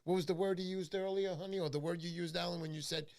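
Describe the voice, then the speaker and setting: A man's voice: sits high, fairly even intonation, fast talker, darkish tone. A man hosting a casual fishing livestream, talking loosely with lots of fillers. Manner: rambling storyteller with many fillers. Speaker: livestream host. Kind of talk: casual live-stream chat.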